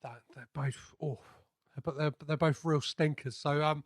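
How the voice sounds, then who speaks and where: Unhurried and steady in tone, this slightly high-voiced podcast host, who is half Greek, chats casually with a guest. He wanders off track, restarting often and filling gaps with fillers.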